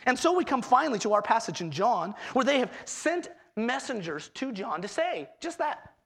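A man preaching a sermon as pastor, expressive, acting out quoted voices with swings in pitch. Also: normal speed, vocal fry.

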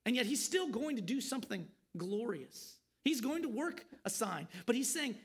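A man's voice: very high-pitched, big pitch swings, moderate pace, few pauses, husky. A man preaching an expository sermon, earnest and pleading, asking his listeners questions.

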